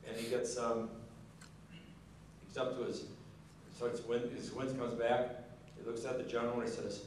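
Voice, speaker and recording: A man's voice: medium pitch, flat delivery, moderate pace, a little hiss or hum. A man giving an after-dinner speech at a banquet, telling a folksy joke and acting out its characters. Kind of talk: storytelling speech. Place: large banquet hall. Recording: echoey hall from far off.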